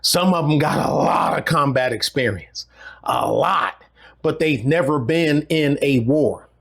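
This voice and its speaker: A man's voice: a little high, unhurried, gravelly, fairly bright tone. A middle-aged man, talking casually to his viewers in a rambling, folksy way with many restarts. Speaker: channel host. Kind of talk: casual talk to camera.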